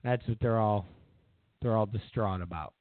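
A man's voice: lowish voice, moderate pace, dry recording. A man hosting a political talk show, ranting bluntly and with profanity, mocking his opponents. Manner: blunt, profane, mocks opponents in whiny voices. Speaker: political commentary host. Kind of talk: ranting opinion monologue. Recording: tinny phone-like audio.

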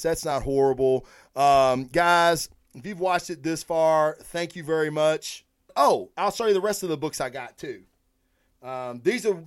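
A man hosting a casual livestreamed comic book review, telling the story in an excitable, rambling way and swearing freely. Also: a little high, clear, resonant tone.

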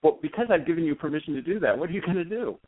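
A man speaking as an expert guest in a radio interview, explaining in an animated way and acting out example exchanges. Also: fairly high pitch, very fast, dry recording. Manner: animated, acts out example dialogue. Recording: tinny phone-line sound, dry.

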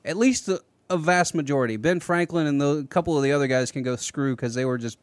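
A man hosting a casual political podcast, talking in an animated, rambling way with many restarts. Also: a little high, fast talker, no echo. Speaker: podcast host.

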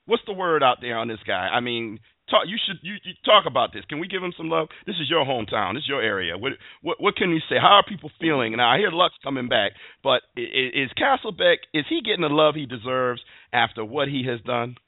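A man's voice: mid-range voice, sing-song, brisk, few pauses, no room sound. A man hosting a sports talk show, ranting emphatically about football. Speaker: show host. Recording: dry phone-like line.

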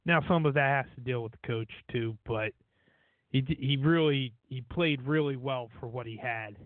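A man's voice: mid-range voice, moderate pace, no room sound. A man co-hosting a casual sports talk show, opinionated and leaning on "you know". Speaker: podcast co-host. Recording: dry, tinny phone-like audio.

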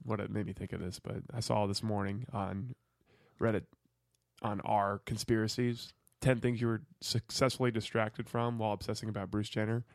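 A man's voice: on the low side, flat delivery, normal speed, creaky, dry recording, clean studio sound. Wry young man chatting on a podcast. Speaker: podcast co-host. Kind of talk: casual chat.

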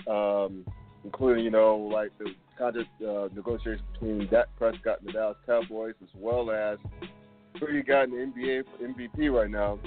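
A man in his fifties hosting a casual sports talk show, loose and rambling, full of fillers and laughs. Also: lowish voice. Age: 50s. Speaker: podcast host. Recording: phone-like line, dry sound.

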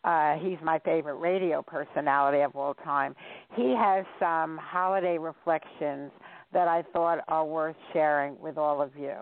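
A woman's voice: sits low, fairly even intonation, normal speed, slight background noise. A woman hosting a radio show, asking her guest chatty, teasing questions. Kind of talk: casual radio chat. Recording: tinny phone-like line.

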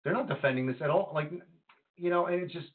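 A man co-hosting a casual podcast, talking politics in an animated, rambling way with lots of fillers and restarts. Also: fairly high pitch, fast. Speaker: podcast co-host. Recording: phone-like lo-fi line.

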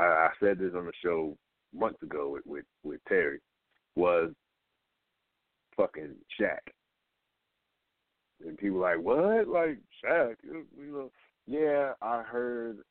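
A man's voice: deep voice, no echo. A man hosting an internet radio show, talking loosely and profanely with lots of restarts. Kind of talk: casual radio talk. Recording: phone-line audio.

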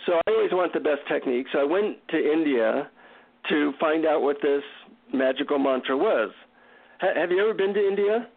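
Gravelly man telling a story by phone. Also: a little high, normal speed. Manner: animated, self-mocking storyteller. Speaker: guest author. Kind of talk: storytelling in an interview. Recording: tinny phone line.

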